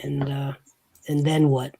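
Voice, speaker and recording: A game master narrates a tabletop role-playing session at an unhurried pace, with many pauses and fillers. The voice sits in a middle pitch range. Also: level tone, warm tone, husky. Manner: slow, halting narration with fillers.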